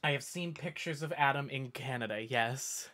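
A man's voice: mid-range voice, moderate pace, bright, forceful tone. Northeast us guy rambling on his stream, reading chat, lots of restarts. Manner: rambling, talks in tangents with many self-corrections. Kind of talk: casual live-stream chat.

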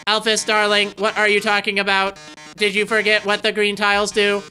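A flamboyant robot TV star, put on by a woman, purrs and declaims every line with mock-tragic drama. The voice is bright and pushed forward, full of gloating stage flair. It sounds like game dialogue read aloud with theatrical relish. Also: mid-range voice, completely flat delivery, normal speed, soft background music, natural voice. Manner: melodramatic, mock-tragic, calls everyone darling.

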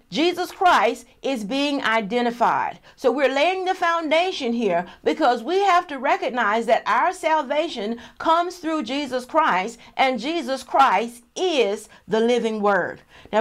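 A woman pastor delivers a Bible teaching with a high, bright-toned voice. She explains each point step by step and slows right down to read verses aloud. Her delivery is measured and deliberate. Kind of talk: sermon.

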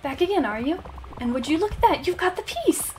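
A woman's voice: very high voice, very animated, brisk, darkish tone, slight background noise, voice pushed up. A woman doing a pompous rude walrus collector. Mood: grandly pleased. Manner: haughty, theatrical flourishes. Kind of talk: reading game dialogue aloud.

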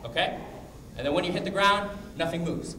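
A man leads a martial arts training class in a brisk coaching manner, explaining technique and calling out drills. His voice sits a little high for a man. He is picked up from a distance in a reverberant hall with clear background noise. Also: bright, forceful tone.

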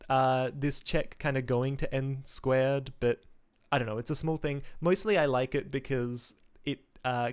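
A man's voice: medium pitch, clean tone. A man casually talking through his game code on a live stream, thinking aloud with ums, restarts and wry asides.

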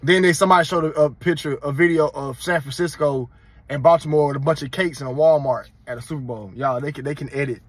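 A man from North Carolina with a Southern accent, hosting his own vlog in a casual, animated, mocking ranting style. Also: a little high, fast talker, slightly rough, no room sound. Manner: animated, mocking, emphatic rants. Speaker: channel host.

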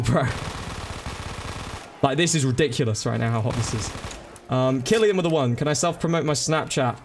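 A man's voice: a little high, slight background noise. A man chatting casually to viewers during a live gaming stream, thanking them by name and calling them bro and dude.

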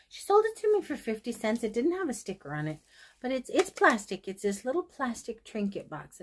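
A woman vlogger chatting casually to her viewers about her thrift store haul, easily sidetracked and gushing over each find. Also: mid-range voice. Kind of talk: casual haul chat to camera.

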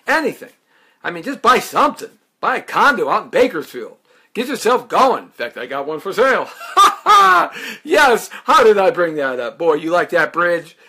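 A man in his fifties, a talk show host from Chicago raised in Southern California, talking in an animated, jokey, hype-man way. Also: high voice, moderate pace, breathy edge. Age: 50s. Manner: sings snatches and laughs at own jokes. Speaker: radio show host and real estate broker. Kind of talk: live-streamed radio talk show. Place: radio studio.

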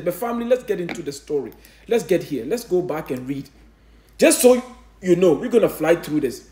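A man's voice: sits high, animated, fairly quick. A male preacher giving a sermon, firing rhetorical questions and reading scripture aloud with frequent restarts. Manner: asks rhetorical questions, answers himself.

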